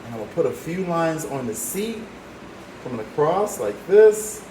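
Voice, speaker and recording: Upbeat art teacher in an echoey room. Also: male voice, on the high side, very animated, moderate pace, warm tone, slight background noise. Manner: encouraging, talks while drawing step by step. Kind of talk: drawing demonstration. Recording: roomy echo, faint ambience.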